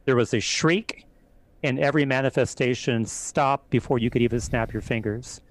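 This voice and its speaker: A man, a priest, calmly recounting events as an interview guest in a measured way. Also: medium pitch, no echo, low-quality recording. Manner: calm, measured retelling. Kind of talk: interview storytelling.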